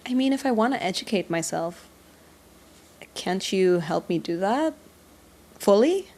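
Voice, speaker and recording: A woman co-hosting a podcast in casual chat, teasing and playful as she fires off questions. Her voice sits at an everyday middle pitch. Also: expressive, measured pace, a little mellow. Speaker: podcast co-host.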